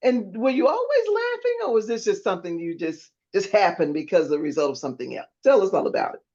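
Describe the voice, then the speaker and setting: A woman hosting a podcast interview, laughing along and chiming in with animated reactions. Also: on the low side, quick pace, muffled recording. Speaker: podcast host. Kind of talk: casual interview chat.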